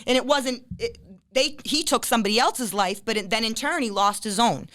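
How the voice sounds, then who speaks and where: A woman with a New England accent hosting a podcast, blunt and profane, breaking into shouts when she gets worked up. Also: fairly high pitch, brisk, dry recording, clean studio sound. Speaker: podcast host. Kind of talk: casual podcast chat.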